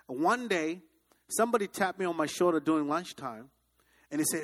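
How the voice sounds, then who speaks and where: A male preacher with a high, husky voice delivers a sermon. He tells his stories with animated energy and calls on the congregation to repeat his words back to him. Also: moderate pace. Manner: animated storytelling, leads the congregation in repeating phrases. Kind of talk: sermon with storytelling.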